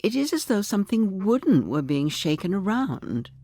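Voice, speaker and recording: A woman voicing a frightened elderly woman in a storybook reading, speaking high and tremulous. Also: very animated, moderate pace, dark tone, dry recording, clean studio sound. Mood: wondering. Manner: high, tremulous, rising to panicked screams. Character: frightened elderly woman dreaming of her toys.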